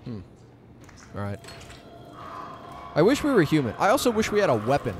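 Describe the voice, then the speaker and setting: A man giving sarcastic let's play commentary, swearing often and loudly mocking the monster in a high, shouting voice. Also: wildly swooping pitch, normal speed, noisy background. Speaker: gaming commentator. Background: game music.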